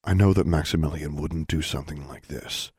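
A man voicing a calm, firm female commander who speaks quietly and evenly. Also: extremely low pitch, breathy edge, no room sound, clean studio sound. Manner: quiet and measured.

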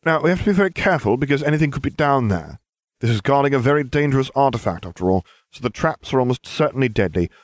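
A man voicing a smug, scheming teenage boy wizard who talks briskly and bossily. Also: mid-range voice, expressive, dry recording, clean studio sound, voice pushed up, lightly acted. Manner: brisk, self-satisfied, bossy.

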